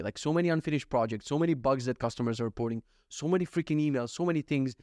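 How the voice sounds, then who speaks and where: A man's voice: mid-range voice, fast talker, few pauses, darkish tone, no room sound, studio quality. A young man ranting casually in a daily vlog, swearing often and getting worked up with exasperation. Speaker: vlogger.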